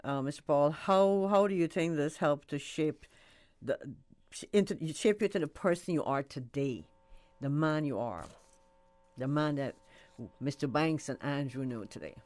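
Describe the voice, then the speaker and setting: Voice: medium pitch, measured pace, darkish tone. Radio host asking guests questions. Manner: prompting questions, brief responses. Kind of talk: radio interview.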